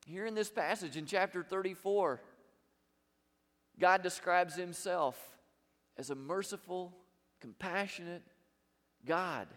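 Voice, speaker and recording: Male pastor, preaching emphatically, high-pitched voice, long reverb of a hall. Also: slow pace, pauses often. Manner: emphatic preaching with wide swings in loudness. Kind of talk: sermon.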